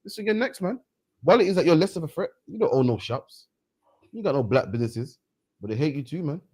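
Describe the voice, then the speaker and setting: A man's voice: fairly high pitch, expressive, quick pace, darkish tone, husky. A man hosting a reaction commentary, heated and mocking, ending phrases with "man". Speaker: host. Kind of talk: street preaching reaction commentary.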